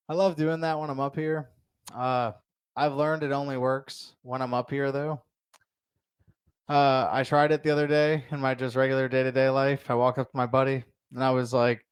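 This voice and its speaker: Rambling young stand-up man, clear voice. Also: mid-range voice, flat delivery, a little fast, dry recording. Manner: loose, rambling delivery with crude jokes and fillers. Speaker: stand-up comedian. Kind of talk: stand-up comedy set. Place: comedy show in a bar.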